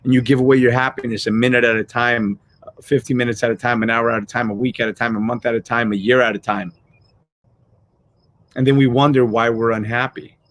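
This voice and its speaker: A man's voice: medium pitch, fairly even intonation, fairly quick, a bit bright. A middle-aged man hosting a motivational live show, talking casually and animatedly, swearing freely and acting out everyday scenes.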